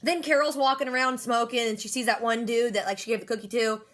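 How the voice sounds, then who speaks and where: A woman recapping a TV episode in a rapid, chatty way, dropping sarcastic asides. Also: a little high, fairly even intonation, fairly bright tone. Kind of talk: casual fast-paced episode recap.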